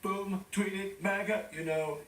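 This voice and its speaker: In a sketch comedy impression, a man plays a boastful, out-of-breath president, pompous and self-praising with rambling asides. His voice sits high, steady and a little slow, recorded off mic in a roomy studio. Heavy background noise and loud audience laughter fill the clip.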